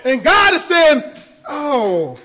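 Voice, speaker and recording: A male pastor preaching a sermon, building from quiet talk to shouted appeals with laughter in between. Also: very high-pitched, wildly swooping pitch, takes it slowly. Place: church.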